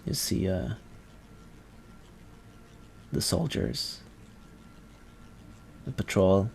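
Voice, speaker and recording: Brief: male game master, low voice, slow halting second-person narration. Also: lively intonation, gravelly, darkish tone, a little hiss or hum.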